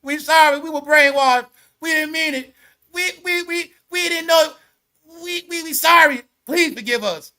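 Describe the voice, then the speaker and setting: A man's voice: very high voice, moderate pace, pushed and bright, voice pushed up, full character voice. A man putting on a stammering, begging apologizer. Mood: pleading. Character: pleading adult man, sorry and whiny.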